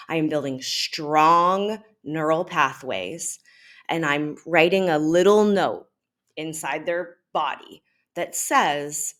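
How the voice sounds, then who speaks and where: Woman, low voice, parenting lesson, conversational, frequent fillers. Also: fairly bright tone. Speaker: parenting educator. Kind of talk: explanatory talk to parents.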